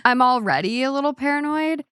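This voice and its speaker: A woman hosting a podcast in casual chat, animated and upbeat, laughing easily. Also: high voice, fairly quick, no room sound, clean studio sound. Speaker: podcast host.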